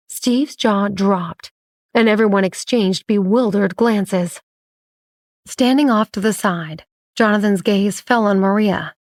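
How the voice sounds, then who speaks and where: A woman reading a romance audiobook in measured, even storytelling on a close mic. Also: mid-range voice, no room sound. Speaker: narrator. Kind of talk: scripted audiobook narration.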